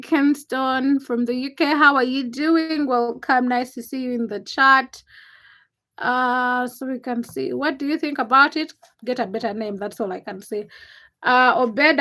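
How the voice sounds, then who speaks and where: Ugandan woman, young adult, high voice, live-chat host greeting viewers, playful and self-mocking. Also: pushed and bright. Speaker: livestream host. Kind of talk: casual livestream chat.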